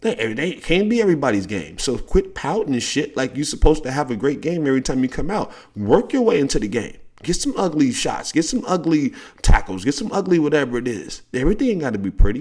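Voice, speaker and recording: A middle-aged man, a podcast host and coach giving a blunt, profane motivational monologue with big jumps in pitch. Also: big pitch swings, fast, hardly any pauses, darkish tone, slightly rough.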